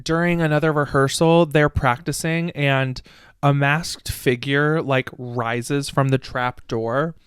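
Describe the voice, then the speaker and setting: A man's voice: medium pitch, fairly even intonation, slow, a bit bright, clear, resonant tone, dry recording. A man recapping a book casually on a podcast, rambling and swearing, laughing at the silly plot. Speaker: podcast host.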